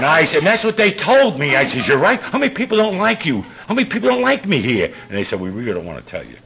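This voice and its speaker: An older man, telling profane stories to a laughing recovery-meeting audience in a gruff voice. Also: very animated, fast talker, hardly any pauses, background noise. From New York. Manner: gruff and profane, with big swings in pitch and loudness. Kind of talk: storytelling talk to a live audience.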